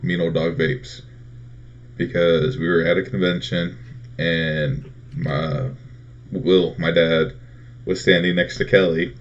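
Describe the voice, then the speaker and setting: A man with a very low voice chatting casually as co-host. He tells stories loosely and animatedly, acting out what others said. The audio is dull and lo-fi. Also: slow, long pauses, a little hiss or hum. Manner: animated storyteller, acts out quotes. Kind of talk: casual chat.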